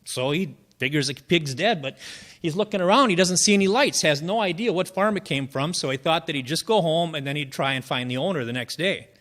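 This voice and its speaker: Folksy open-mic joke teller, a man with a slightly high voice who rambles through setups. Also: animated, brisk, fairly bright tone. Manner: folksy, rambling storytelling with fillers. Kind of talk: telling jokes at an open mic.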